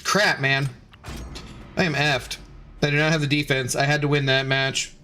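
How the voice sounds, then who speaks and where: This male streamer keeps up chatty live-stream commentary while playing a video game, reading chat out loud and cursing at his own mistakes and losses. He speaks at a moderate pace in a medium, fairly flat pitch with a bright, forceful tone, and faint music plays behind him.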